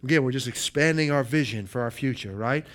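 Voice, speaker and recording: A man preaching a sermon, emphatic, slowing down to stress key words and asking the room "right?" between points. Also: mid-range voice.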